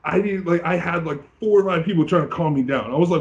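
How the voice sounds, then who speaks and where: A bodybuilding competitor from Canada in a casual interview, telling his story with animated acted-out quotes. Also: a little high, fast talker, highs cut off.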